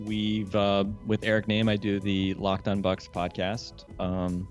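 A man's voice: fairly low pitch, completely flat delivery, measured pace, soft background music. A man talking as a podcast guest in a casual, rambling way, filling his sentences with "like" and "um". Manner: rambling, heavy use of "like" and fillers. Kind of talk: casual chat.

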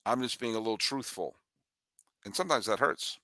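Male baseball talk host, punchy and ranting, very bright tone, dry close sound. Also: on the low side, brisk, dry recording. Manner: animated, ranting, joking. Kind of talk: energetic sports talk with ad read.

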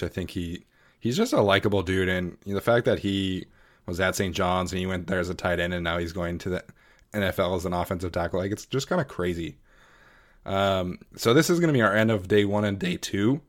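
A man co-hosting a casual podcast chat, measured and laid-back, with frequent fillers as he thinks aloud. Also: low-pitched. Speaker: podcast co-host.

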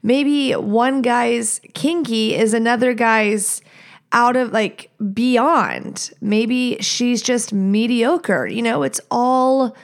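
A woman in her thirties hosting a solo podcast, telling stories in a candid, profane, chatty way. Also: fairly high pitch. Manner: candid and profane, animated asides. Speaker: podcast host. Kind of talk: casual solo podcast storytelling.

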